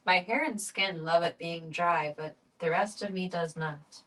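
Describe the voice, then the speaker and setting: Female streamer, low voice, soft and unhurried; casual chat slipping into whispers, then steady book narration. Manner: soft-spoken, drifting into whispers. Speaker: streamer reading a book aloud.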